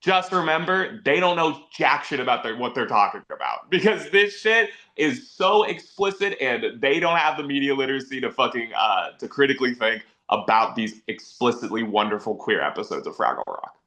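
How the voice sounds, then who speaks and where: A man's voice: medium pitch, lively intonation, normal speed, hardly any pauses, pushed and bright. A man co-hosting a podcast, ranting heatedly in casual chat and swearing freely. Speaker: podcast co-host.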